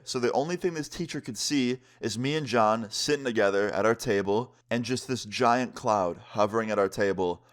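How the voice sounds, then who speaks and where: A young man vlogger telling a story in an animated, slangy way, swearing often. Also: medium pitch. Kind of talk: casual storytime.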